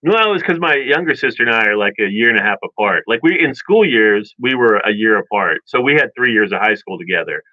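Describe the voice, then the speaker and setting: A man casually telling childhood stories in a rambling, animated way, with many restarts and chuckles. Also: on the low side, quick pace, hardly any pauses, dry recording. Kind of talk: casual storytelling chat. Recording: dull dry lo-fi sound.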